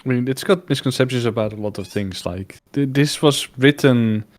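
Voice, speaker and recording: A man speaks at an average pitch in a thoughtful, casual way. He hedges and circles his points, scattering fillers through his musings. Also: normal speed. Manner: thoughtful, hedging with lots of "like". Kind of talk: casual chat.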